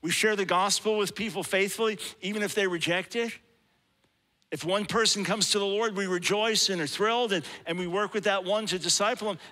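A man preaches in a big reverberant hall, his voice high and bright. He tells a story with animation and briefly acts out the people in it. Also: a little fast. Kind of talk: sermon storytelling.

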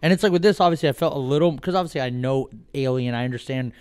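A man's voice: mid-range voice, racing, a little mellow, smooth. A young man co-hosting a casual podcast, rambling and slangy with lots of fillers and restarts. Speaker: podcast co-host. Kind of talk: casual chat.

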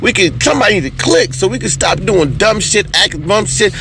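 A man in an unscripted comedy monologue, ranting in a profane, animated way. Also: high-pitched, a little fast, few pauses, noisy background.

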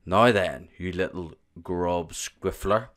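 A man voicing a booming brute giant. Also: takes it slowly. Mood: taunting. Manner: loud, taunting, mangled grammar. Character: booming brutish male giant bully.

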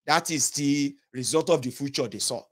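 This is an impassioned direct-to-camera monologue from a political commentator, a thirty-something man with a Nigerian Yoruba accent. He pleads earnestly with his viewers, mixing in Pidgin, in a mid-range voice at a moderate pace.

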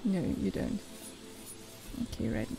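A young woman hosting a let's play, reacting excitably, exclaiming and talking back to the game as she plays. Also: slow pace, rough recording. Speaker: gaming channel host.

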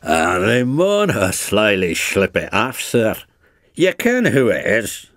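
A man's voice: on the low side, huge pitch swings, slow, a bit bright, no room sound, studio quality, voice pushed up, full character voice. A man voicing a pair of solemn male Scottish engine twins who talk in a sly, evasive, respectful way. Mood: sly innocence.

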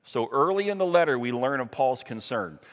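A man's voice: medium pitch, lively intonation, a little fast. Earnest male pastor preaching in a hall. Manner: earnest, emphatic preaching with scripture readings. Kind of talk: sermon.

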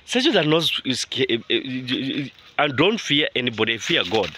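A man vlogging outdoors on his rural land, talking to viewers in an animated, indignant way and often repeating himself. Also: mid-range voice, normal speed, a little hiss or hum. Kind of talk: casual vlog talk to viewers.

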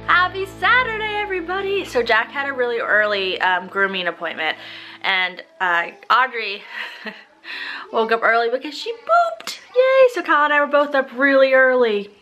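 Upbeat young mom vlogger, high bright voice that swoops around, music underneath. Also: female voice, moderate pace. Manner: animated, laughs often, gushing. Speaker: family vlogger. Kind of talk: casual family vlog.

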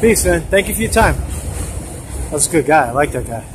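A man's voice: fairly high pitch, animated, a little fast. A man hosting a casual street-interview vlog, chatty and joking, repeating himself as he goes, and filming with a handheld camera at arm's length. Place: busy street outdoors. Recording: loud street traffic noise.

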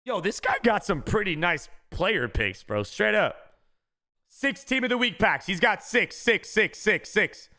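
A man streaming a video game, chatting casually with his chat and shouting when he gets a good pull. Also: high-pitched, a little slow. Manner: excitable, shouts at big pack pulls; talks to chat, says bro a lot. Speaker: gaming streamer. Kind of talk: casual live-stream commentary.

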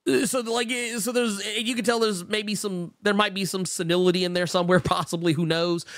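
A man co-hosting a casual podcast chat, talking in quick bursts with many stammered restarts and reading out viewer comments. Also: sits high, steady tone, a bit bright, dry recording, studio quality. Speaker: podcast co-host.

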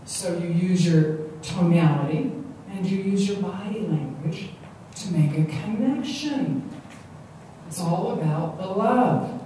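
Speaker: New woman, mellow, animated, live talk, miked from afar in a very echoey hall. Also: fairly low pitch, slow. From Long Island, New York. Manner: animated, repeats words, acts out quotes. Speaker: stress management speaker. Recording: echoey hall, distant mic, faint noise.

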